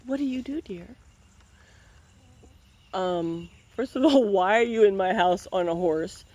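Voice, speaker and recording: A woman's voice: mid-range voice, unhurried, a little mellow. A woman reading a picture book aloud, breaking off for playful, wry running commentary.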